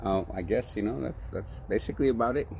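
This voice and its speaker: A man with a fairly low voice talks casually through a cider tasting, playful and joking as he reads the label. Faint background noise sits under his voice. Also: fast talker, vocal fry. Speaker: beer review vlogger.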